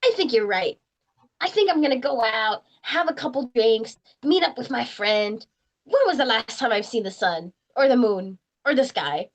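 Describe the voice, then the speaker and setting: A carefree female adventurer talks in a breezy, teasing way, voiced by a woman. Her voice sits fairly high and swings widely in pitch. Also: lively intonation, moderate pace, lo-fi sound. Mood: cheerful.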